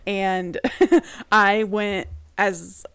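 A woman's voice: medium pitch, fairly even intonation, drawn-out words, fairly bright tone, smooth. A woman co-hosting a podcast at home, telling stories in easy casual chat and laughing often. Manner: easygoing storyteller, laughs often. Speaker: podcast co-host.

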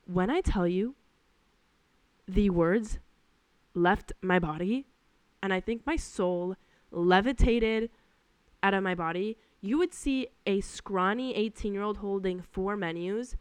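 A young woman hosting her own podcast, telling work stories in a casual, animated and exasperated way. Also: mid-range voice, slow, clear, resonant tone, no room sound. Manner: animated, exasperated, lots of fillers. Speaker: podcast host. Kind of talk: casual storytelling monologue.

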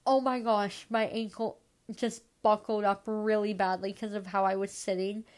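A woman's voice: medium pitch, flat delivery, normal speed. A woman hosting a solo podcast, a bit stuffed up and nasal, rambling casually with lots of "like"s and self-deprecating asides. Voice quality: nasal from congestion. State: stuffed up, congested. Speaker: podcast host.

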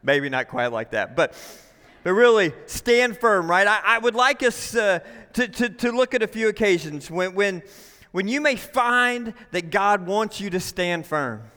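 A man's voice: high-pitched, expressive, measured pace, bright, forceful tone. A man preaching a sermon to his church, emphatic, often asking "right?" to the room. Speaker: pastor. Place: church sanctuary. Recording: long hall reverb.

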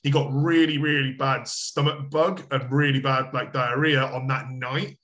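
A man's voice: medium pitch, fairly even intonation, unhurried, fairly bright tone. A man, a coach chatting as an interview guest, rambling with lots of filler words and casual swearing. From United Kingdom.

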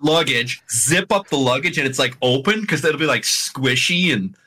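Bright-voiced, deadpan joking man. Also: mid-range voice, normal speed. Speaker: podcast co-host. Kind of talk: casual chat.

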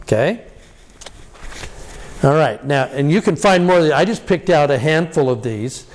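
A man teaching scripture in a relaxed, unhurried way, with a voice that sits a bit high for a man. He is animated, chuckling often and stressing key words with rising cries. He thinks aloud with plenty of fillers as he goes. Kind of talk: informal scripture lesson.

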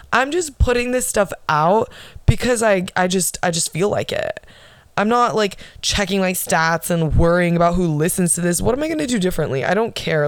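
A woman's voice: lowish voice, no echo. A young woman hosting her own solo podcast, ranting bluntly and sarcastically with lots of swearing. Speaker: podcast host.

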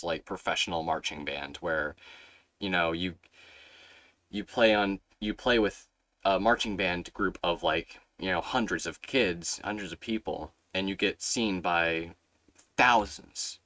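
A young man hosting a podcast tells a rambling story full of swearing, acting out his younger self in casual chat. His deep voice comes across pushed and bright, with no echo.

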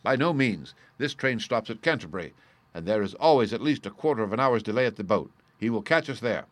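A calm, commanding detective, as a male audiobook reader puts him on, precise and a touch superior in every line. The voice sits a little low, and the recording is dry and close. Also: a little fast, no echo. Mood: assured. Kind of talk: audiobook character reading.

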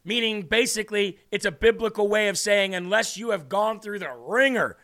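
A man's voice: high-pitched, normal speed, pushed and bright. A man with a Midwestern American accent, hosting a faith show and explaining Bible verses in an earnest, conversational way. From Illinois. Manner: earnest, conversational, reads scripture then explains it. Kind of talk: Bible teaching with casual commentary.

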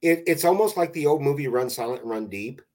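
A man's voice: mid-range voice, expressive, fairly quick, crowd noise. A man chatting on a podcast who makes joking comparisons and stumbles over his words. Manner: jokey, stumbling quips. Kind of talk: casual chat.

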